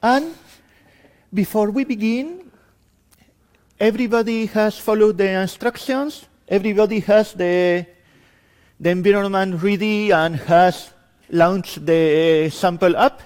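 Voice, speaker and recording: A man with a Spanish accent, his voice pitched notably high, presents to a conference room at an unhurried pace. He keeps it loose and self-deprecating, chatting with the audience between points. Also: a little mellow. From Spain. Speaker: conference speaker. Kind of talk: improvised hands-on lab introduction.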